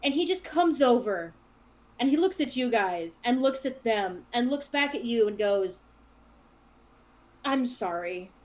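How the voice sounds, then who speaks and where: A woman's voice: on the high side, lively intonation, moderate pace, a little mellow, low-quality recording. Woman narrating as game master. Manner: loose descriptive narration with restarts.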